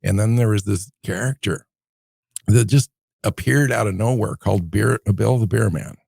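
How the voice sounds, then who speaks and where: A man's voice: fairly low pitch, moderate pace, vocal fry, darkish tone, slightly rough, dry recording, studio quality. A man in his fifties from the Seattle area, co-hosting a podcast and unhurriedly reminiscing in casual chat. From Seattle area, USA. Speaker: podcast co-host.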